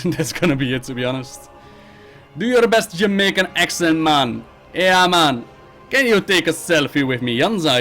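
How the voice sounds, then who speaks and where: Guy streaming a q&a, reads chat then fires off blunt answers, voice jumps around a lot, bit of music under it. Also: on the high side. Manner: reads viewer questions aloud, then answers bluntly and briskly. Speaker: streamer hosting a live Q&A. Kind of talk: casual live-stream chat.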